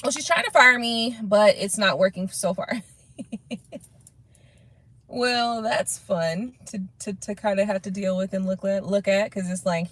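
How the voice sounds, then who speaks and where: A woman hosting a live tarot stream, reading viewer comments in a casual, animated way, laughing often and swearing freely. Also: mid-range voice, a little slow, no room sound.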